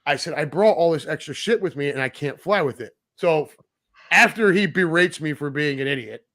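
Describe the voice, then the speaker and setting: A middle-aged man co-hosting a casual podcast, his voice sitting a little high for a man. He tells stories with plenty of swearing and acts out the people he quotes. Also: normal speed. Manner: animated storyteller, swearing, acting out quotes. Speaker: podcast co-host. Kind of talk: casual storytelling chat.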